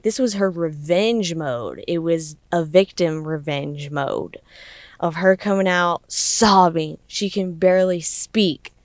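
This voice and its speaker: A young woman talks through her podcast in a loose, chatty way, laughing easily. She speaks slowly and her voice is smooth and clear. The recording is close and dry, with no room sound. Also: lowish voice, no room sound. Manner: chatty and expressive, laughing often. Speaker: podcast host. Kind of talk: casual solo podcast commentary.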